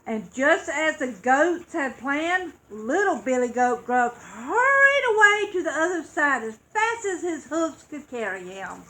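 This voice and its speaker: A woman reading a children's story aloud, expressive and acting out dramatic sound effects. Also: sits high, measured pace, few pauses, poor audio.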